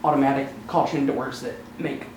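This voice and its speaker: A speaker telling a personal story live on stage, chatty and lightly humorous, slowing down at emotional moments. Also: medium pitch, fairly even intonation, roomy sound, a little hiss or hum, poor audio. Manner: conversational, warm-humored, slows down for emotional moments.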